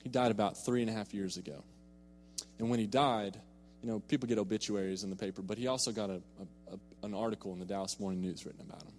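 Earnest preacher in a big hall. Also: male voice, fairly low pitch, fairly even intonation, fast talker, darkish tone, soft background music. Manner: earnest storytelling, repeats words when emphatic. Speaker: pastor. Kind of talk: sermon. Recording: long reverb in a large hall.

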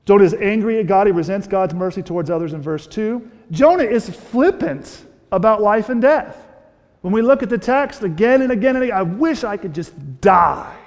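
Male pastor, high-pitched, animated preacher who restarts sentences, recorded in a large echoing hall. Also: brisk. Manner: animated, rhetorical questions, frequent restarts. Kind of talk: sermon. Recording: long reverb of a large hall.

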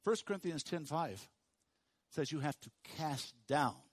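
Pastor guy preaching, fairly high voice, goes quiet then loud, dry close sound. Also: expressive, unhurried, husky, no echo. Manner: swings from hushed low emphasis to loud high call-and-response. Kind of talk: sermon.

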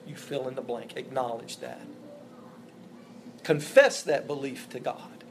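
A man's voice: medium pitch, a little slow, pauses often, a little hiss or hum. A man preaching a sermon as a pastor, earnest and emphatic, with repeated phrases for stress. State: emotional, voice breaking.

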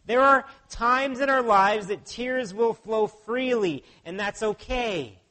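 High-voiced man preaching a sermon. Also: takes it slowly, bright, forceful tone. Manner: earnest, asks the listeners rhetorical questions. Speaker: pastor.

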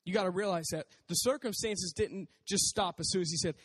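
Male preacher, high-pitched and conversational; casual sermon in a reverberant hall. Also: brisk, breathy edge. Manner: conversational, animated, acts out voices.

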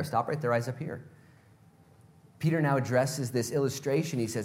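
A man's voice: medium pitch, expressive, fast talker. A male pastor preaching a sermon in a casual, conversational way, full of rhetorical questions.

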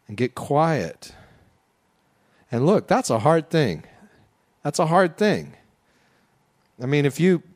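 Man preaching a conversational sermon. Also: on the high side. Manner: conversational, leads a slow guided breathing prayer. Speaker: pastor.

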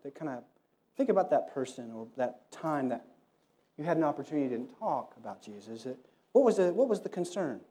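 Conversational male preacher, mellow tone. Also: medium pitch. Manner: conversational, animated, acts out quoted voices. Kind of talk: sermon with storytelling.

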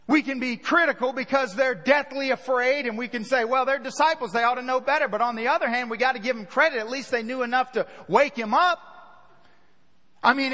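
A man preaching a sermon as pastor, lively and storytelling, dropping into hushed voices to act out scenes. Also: extremely high pitch, in a large hall. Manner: animated preaching, acting out scenes in hushed asides.

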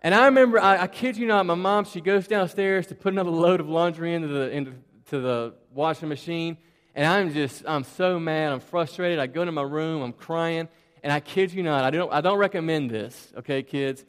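A man giving a children's sermon in a church, telling personal stories in a chatty, animated way with lots of repeated words. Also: fairly high pitch, brisk, smooth, in a large hall. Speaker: preacher.

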